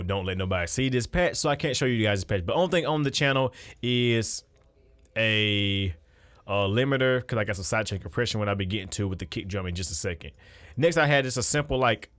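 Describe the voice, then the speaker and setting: A man's voice: fairly low pitch, fairly bright tone, smooth, dry recording. A man talking casually through a beat-making tutorial at his computer, loose and conversational with frequent restarts. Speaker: music producer.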